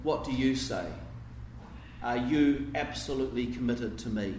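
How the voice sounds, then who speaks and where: A man preaching a sermon, explaining scripture in a reflective, explanatory way with soft dips and hesitations. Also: medium pitch, measured pace, slight background noise. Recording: echoey room with faint ambience.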